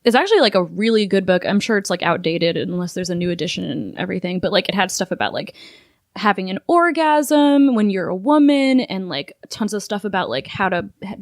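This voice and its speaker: A woman's voice: medium pitch, very animated, fairly quick, no echo, studio quality. A young woman, a former intern, chatting casually on a podcast and filling her talk with likes. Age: young adult.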